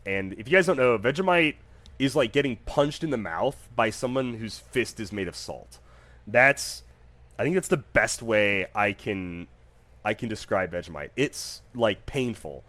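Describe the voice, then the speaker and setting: A man hosting his own podcast, telling stories in a casual, animated, jokey way with plenty of fillers. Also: mid-range voice, moderate pace, no room sound. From United States. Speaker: podcast host. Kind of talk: casual solo podcast storytelling.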